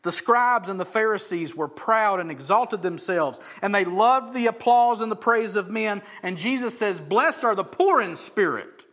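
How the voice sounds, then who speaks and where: High-voiced man preaching with dramatic swings. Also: animated, moderate pace, hardly any pauses. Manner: dynamic preacher, swings from loud emphasis to hushed near-whisper; acts out quoted voices of crowds and Jesus. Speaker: pastor. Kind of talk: sermon.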